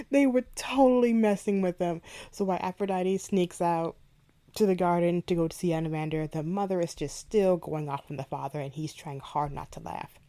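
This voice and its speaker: A woman hosting a book podcast, retelling a favorite scene in an animated, chatty way. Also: lowish voice, normal speed. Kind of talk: casual book review chat.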